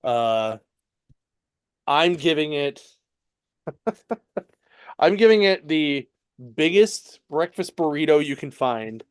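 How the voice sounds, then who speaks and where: A man's voice: a little high, animated, slow, long pauses, smooth, no room sound, clean studio sound. A man co-hosting a podcast, telling a story in casual chat that is full of fillers and chuckles. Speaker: podcast co-host at a comic shop. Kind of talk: casual chat recapping a comic book.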